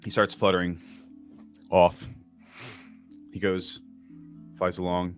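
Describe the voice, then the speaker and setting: Brief: male game master, deep voice, loose rambling narration, light music under it. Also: slow. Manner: relaxed rambling narration with many fillers.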